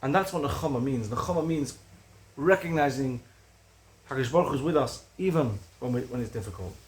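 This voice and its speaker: A man giving a recorded religious lecture, earnest and building to animated emphasis on key points. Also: mid-range voice, a little fast. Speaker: Torah teacher.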